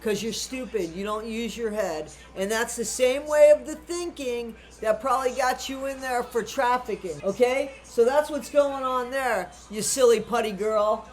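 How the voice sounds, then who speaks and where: Her voice is notably high and darkish, moving at a moderate pace with barely any pauses. She rants her way through true crime commentary, blunt and indignant, cursing without restraint.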